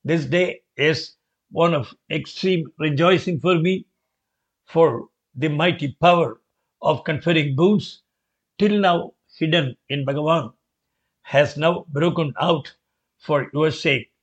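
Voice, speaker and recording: A man reading the words of a devout, respectful scholar in a slow, earnest way, in a dull lo-fi recording. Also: a little high. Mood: reverent. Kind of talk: reading a devotional memoir aloud.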